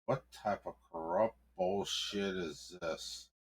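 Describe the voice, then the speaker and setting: A man plays a grim hero in an improvised fantasy tale, his voice deep and slow, each line low and clipped. He sounds blunt and angry, never rising. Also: sing-song, creaky, slightly rough, full character voice.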